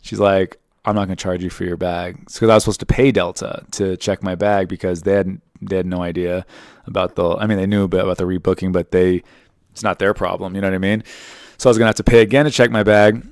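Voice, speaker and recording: A man's voice: low-pitched, level tone, quick pace, a little mellow, clear, resonant tone, dry recording, studio quality. A man in his thirties hosting a podcast, telling a story in a rambling, jokey, profane monologue. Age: 30s. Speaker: podcast host. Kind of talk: casual monologue.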